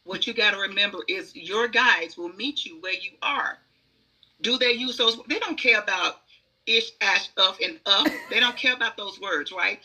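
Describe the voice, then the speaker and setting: Woman, oracle card reader, podcast guest, husky voice, very sharp and forceful tone, emphatic storyteller. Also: medium pitch, normal speed, poor audio. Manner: emphatic, acts out inner voices.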